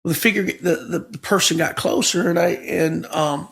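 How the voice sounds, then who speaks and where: A man with a very gravelly, fry-laden voice that sits a little high, telling a story from his own life. He brings in each speaker's words as he tells it. His talk is heartfelt and personal. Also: moderate pace, fairly bright tone. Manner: vivid storyteller who acts out the dialogue. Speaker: guest pastor.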